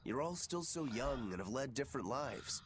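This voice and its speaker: A man's voice: medium pitch, animated, moderate pace, background noise, close to an everyday voice. An actor playing an easygoing, courteous adult male swordsman in a video game.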